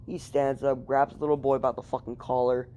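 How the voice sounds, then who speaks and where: A man's voice: mid-range voice, little pitch movement, a little fast, mellow, slight background noise. A man casually retelling a fan story at home, rambling and swearing, with lots of fillers. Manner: rambling, profane, heavy with fillers. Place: room at home.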